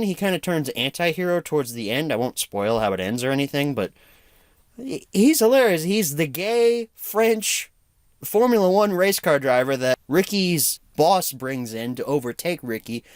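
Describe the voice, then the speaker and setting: A young man giving a casual solo movie review, animated and laughing often. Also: on the high side, dry recording, studio quality.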